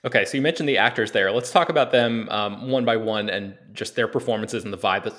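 A man from the American South hosting a casual film podcast, talking with many pauses and restarts. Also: lowish voice, a bit bright. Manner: hesitant, many ums and restarts. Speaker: podcast host.

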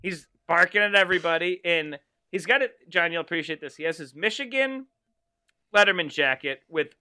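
A man's voice: on the high side, a little fast, bright, forceful tone, clean tone. A man co-hosting a podcast, chatting casually and laughing while watching wrestling. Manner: laughing, joking, crude and chatty. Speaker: podcast co-host.

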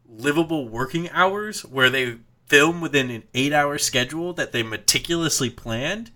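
A man's voice: fairly high pitch, lively intonation, normal speed, sharp tone. A man co-hosting a podcast, talking in an emphatic, ranting way in casual chat. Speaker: podcast co-host.

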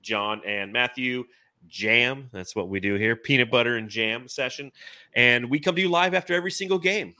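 Bright, dry-sounding male podcast host in his forties, animated and chatty. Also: mid-range voice, moderate pace, no room sound. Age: 40s. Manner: enthusiastic, rambling, animated. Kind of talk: casual sports podcast chat.

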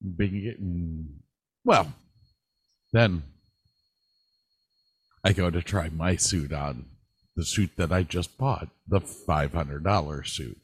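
A man with a low voice and an unhurried pace talks casually on a podcast. He tells stories with plenty of animation and swears now and then. The recording is dry and close. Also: breathy edge, no echo. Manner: animated storyteller, swears, mimics people he quotes. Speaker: podcast co-host. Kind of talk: casual chat.

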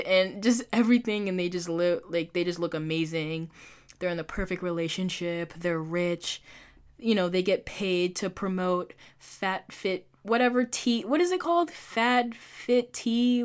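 A young woman vlogging in a casual, confessional chat, talking loosely, filling with "like" and poking fun at herself. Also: medium pitch. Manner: chatty, fills with "like", self-mocking.

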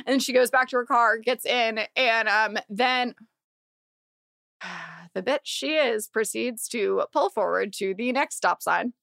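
A young woman hosting a podcast, telling a story in casual chat, animated and swearing, acting out quotes loudly. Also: a little high, slow, gravelly, no echo. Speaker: podcast host.

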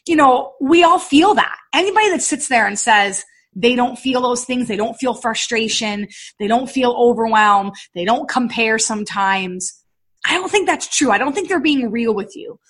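A middle-aged woman hosts a podcast, telling a personal story in an animated way and acting out what each person said. Her voice is fairly high and husky. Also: moderate pace. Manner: animated, acts out quoted dialogue. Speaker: podcast host and health and fitness coach.

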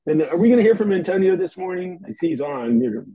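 A man's voice: high-pitched, animated, fast, vocal fry, mellow, breathy edge, no echo, low-quality recording. A man joining a podcast discussion as a guest, explaining his points with examples. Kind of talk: casual group discussion.

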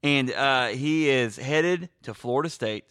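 A man's voice: mid-range voice, unhurried, fairly bright tone, clear, resonant tone. A man hosting a podcast, leading a casual chat with mock-serious asides. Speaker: podcast host.

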